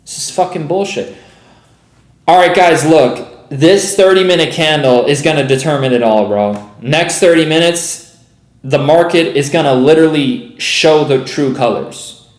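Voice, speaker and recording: Young man, day trader livestream, profane, exasperated, says bro a lot, somewhat high voice, roomy echo. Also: a little slow. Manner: profane, exasperated, constantly saying bro and dude. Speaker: day trader streaming live. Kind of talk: live trading commentary.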